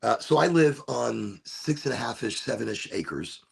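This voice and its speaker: A man's voice: mid-range voice, lively intonation, normal speed, creaky, slightly rough. A man hosting his own podcast, chatting casually from home in a rambling, laid-back way, often cutting himself off mid-sentence. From Florida. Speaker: podcast host. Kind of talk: casual solo chat. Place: home room with window cracked.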